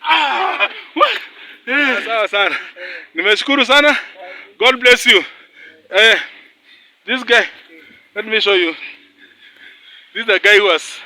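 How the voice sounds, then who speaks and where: A man's voice: high-pitched, measured pace, long pauses, sharp tone, poor audio. A man making a casual travel vlog on a steep hillside, chatty, laughing often and out of breath from the climb. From Kenya. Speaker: travel vlogger.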